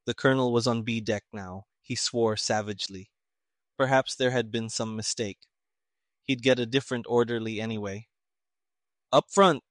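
A man narrating a mystery story in an even, measured reading. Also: mid-range voice, no room sound, studio quality. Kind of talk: audiobook narration of a pulp mystery.

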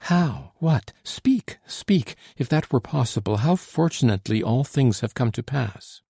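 A man's voice: mid-range voice, expressive, measured pace, vocal fry, warm tone, slightly rough, dry recording, clean studio sound, pitched above the performer's own voice, heavily acted. A man voicing an anxious, devoted young woman in an audiobook, eager and pleading. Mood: urgent. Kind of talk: audiobook character reading.

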